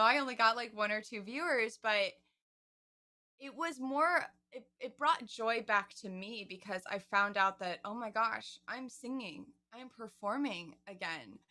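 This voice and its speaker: Guest singer, woman in her twenties, bright voice, chatty and heartfelt. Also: medium pitch. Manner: chatty, emotional storytelling with quoted asides. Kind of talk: casual interview.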